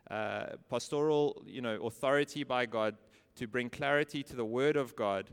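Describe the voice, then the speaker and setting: Male preacher, smooth resonant voice, emphatic sermon delivery, long hall reverb. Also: mid-range voice, normal speed. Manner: emphatic, rhetorical questions, repeats key phrases.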